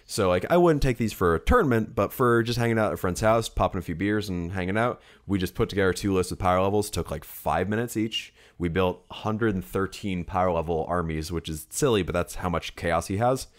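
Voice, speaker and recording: A man's voice: low-pitched, brisk, hardly any pauses. A man co-hosting a podcast, telling a long rambling story in casual chat with lots of fillers and restarts. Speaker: podcast co-host.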